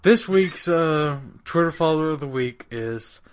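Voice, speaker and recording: A man's voice: a little high, lively intonation, a little slow, clean tone. A man hosting a casual podcast, loose and swearing freely. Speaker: podcast host. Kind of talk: casual chat.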